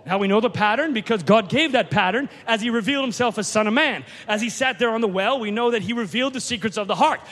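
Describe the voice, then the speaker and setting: A man preaching a sermon, retelling a story with fervent storytelling that rises to shouts. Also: high voice, quick pace, few pauses. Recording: long reverb of a large hall.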